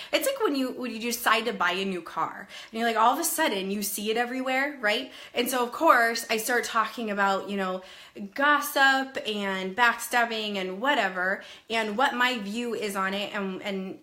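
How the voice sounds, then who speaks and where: A woman in her thirties chats casually on a live stream and greets viewers one by one by name. Her voice is bright and forward, and it is a little nasal and breathless from a passing cold. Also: medium pitch.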